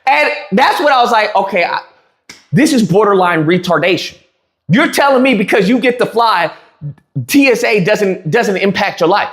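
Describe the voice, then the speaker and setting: This man's voice is high-pitched and fairly bright, with lively intonation at a normal speed. He's a streamer giving a casual storytelling rant about a heated argument, performing the quoted lines and frequently starting over. The room he's in is echoey.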